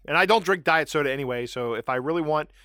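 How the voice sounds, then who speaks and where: A man co-hosting a podcast, chatting casually and telling stories with animated, self-mocking asides. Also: on the high side, fast, no echo, studio quality. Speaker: podcast co-host. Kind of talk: casual chat.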